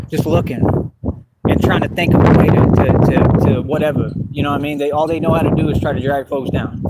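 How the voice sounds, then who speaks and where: A man vlogging in a defiant, repetitive rant, talking straight to his viewers. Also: a little high. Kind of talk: direct-to-camera rant. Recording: loud background noise.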